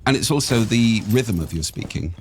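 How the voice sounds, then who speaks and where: An older man with a husky voice, explaining speaking technique in a lively, expressive conversational way. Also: mid-range voice, normal speed, slight background noise. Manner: animated, expressive intonation. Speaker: voice coach guest.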